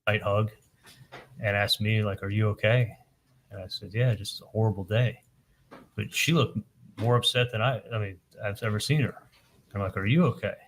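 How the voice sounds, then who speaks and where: A man testifying in court, telling events in a halting way, often repeating words and retelling what was said with "I'm like". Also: lowish voice, steady tone, slight background noise. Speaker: trial witness testifying.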